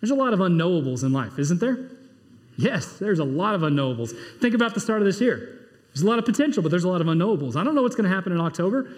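A man preaching in a high, bright voice. He swings from emphatic, rising bursts down to low, quiet asides. His words ring out with a long reverb from a church hall. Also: very animated, fast talker. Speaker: pastor. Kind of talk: sermon.

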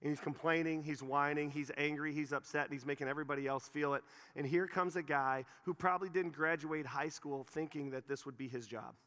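Pastor guy telling a story in a sermon, bright crisp voice, big echoey hall. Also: fairly high pitch, brisk. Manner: animated, repetitive retelling.

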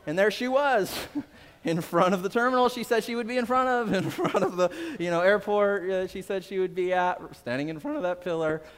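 A high-pitched man preaching a sermon in a relaxed, storytelling way. He talks conversationally, repeats phrases and leans on "uh" fillers. His voice carries a long, echoing reverb from a big hall. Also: brisk, clear, resonant tone. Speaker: pastor.

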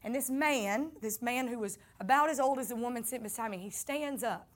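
A woman's voice: on the high side, brisk. A woman with a Southern accent giving an earnest personal faith testimony, speaking to her listeners as y'all.

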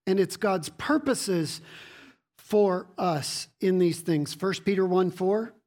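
Slow and a little mellow, this medium-pitched preacher reads scripture aloud to a congregation. His sermon teaches through rhetorical questions and repeated words.

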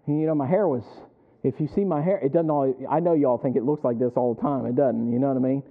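A man's voice: mid-range voice, quick pace. A man preaching a sermon, telling stories and asking the congregation to finish his phrases. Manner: animated storytelling, asks the congregation to fill in words. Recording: tinny phone-like sound.

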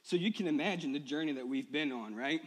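A male pastor preaching a personal sermon to his church, moving from quiet confession to impassioned, rising appeals. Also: fairly high pitch, fast talker. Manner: personal, builds to impassioned shouting. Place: church sanctuary.

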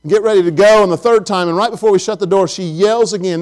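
A man's voice: high voice, fast talker, hardly any pauses. A middle-aged man preaching a sermon and telling folksy family stories. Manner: storytelling, folksy and animated. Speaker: pastor.

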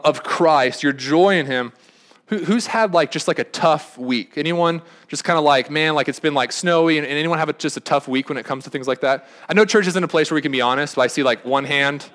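A man's voice: fairly high pitch, fairly bright tone. A young man preaching a sermon as a pastor, talking conversationally with frequent restarts and asides. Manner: conversational, rambling with many restarts.

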